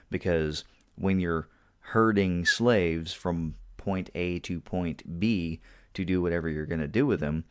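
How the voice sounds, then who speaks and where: A man co-hosting a casual movie review podcast, making dry jokes and slowing down to make his points. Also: low-pitched. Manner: dry, joking asides, slows down to make points. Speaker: podcast co-host.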